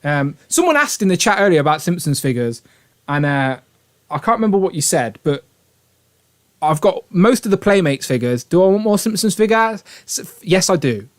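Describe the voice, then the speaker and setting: Chatty jokey man, higher voice. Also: very animated, moderate pace. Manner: chatty, jokey, laughs often. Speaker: toy review livestream host. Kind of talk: casual chat.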